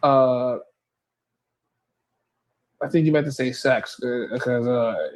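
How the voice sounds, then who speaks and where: A man's voice: mid-range voice, takes it slowly. A man hosting a reaction video, commenting in a laid-back, mocking way between clips. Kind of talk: casual commentary.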